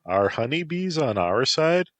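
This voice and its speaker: A man's voice: mid-range voice, big pitch swings, a little slow, a bit bright, dry recording, pitched above the performer's own voice. A man voicing a wary young man hired as a driver, speaking plainly and full of questions.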